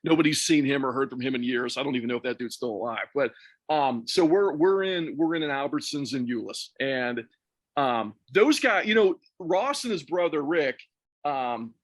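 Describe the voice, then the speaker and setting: A Texan man with a somewhat high, slightly rough voice tells a story at normal speed as a podcast co-host or guest, swearing freely and animated. He keeps laughing at himself between sentences. The audio is dry and close, with no room sound or echo.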